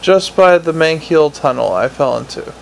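A man voicing a nervous, slow-witted informant who rambles and stumbles over his words. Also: fairly high pitch, expressive, gravelly, a little hiss or hum. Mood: sheepish. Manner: halting, embarrassed, rambling. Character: nervous, dim young male street informant.

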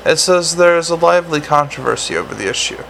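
A man's voice: a little high, animated, fast talker, creaky, fairly bright tone, slight background noise, poor audio. A man reading the part of a polite, unflappable male butler, speaking formally and deferentially.

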